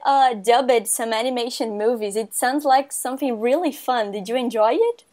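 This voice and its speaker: High-voiced woman interviewer. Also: normal speed, a little mellow. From Brazil. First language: Portuguese. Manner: giggly, friendly questioner. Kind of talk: interview questions.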